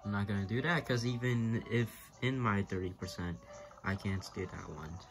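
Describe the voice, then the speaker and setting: Very deep-voiced woman gamer. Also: normal speed. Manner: rambling, muttering, self-mocking, swears when failing. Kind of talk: casual gameplay commentary. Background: game music.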